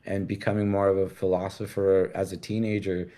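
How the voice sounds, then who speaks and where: A man's voice: deep voice, level tone, brisk, warm tone. A middle-aged man telling long stories in casual conversation, rambling and cursing freely. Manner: rambling, profane, laid-back storytelling. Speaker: guest.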